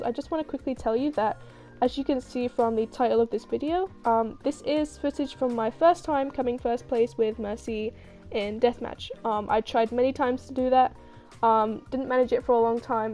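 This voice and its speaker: Female gaming creator, breathy from a cold, mellow and fairly high, chatty Q&A voice-over with faint music under it. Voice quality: scratchy throat. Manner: chatty, lots of ums and restarts. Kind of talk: casual Q&A voice-over.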